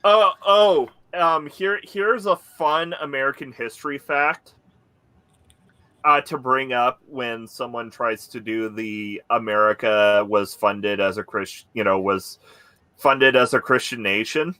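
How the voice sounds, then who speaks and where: A man talks slowly in a bright, tense voice with eager, halting starts. The sound is dry and close, with no room echo. He is a co-host in casual podcast chat. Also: mid-range voice.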